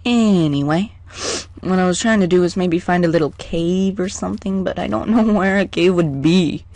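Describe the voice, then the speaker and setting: A let's play gamer giving casual gameplay commentary in a hyper, excitable way, chatting to the creatures in the game. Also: mid-range voice, moderate pace, no room sound.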